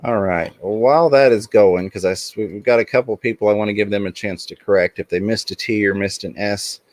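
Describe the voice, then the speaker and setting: A man's voice: on the low side, fairly quick, a little mellow, no echo. A man hosting a casual livestream in an upbeat way, reading the chat aloud and thanking viewers. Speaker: livestream host.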